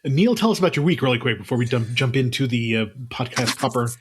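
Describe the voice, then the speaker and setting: A man's voice: medium pitch, lively intonation, fast talker, slightly rough. A man hosting a podcast, laid-back and joking, chatting with his co-hosts. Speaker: podcast host. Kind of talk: casual podcast chat.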